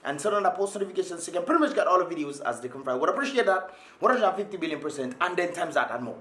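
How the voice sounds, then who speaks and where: Guy vlogging, super animated, voice jumps all over, echoey room. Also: high voice, rapid-fire. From Dominica. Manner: hype, animated, laughing asides. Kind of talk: casual vlog commentary.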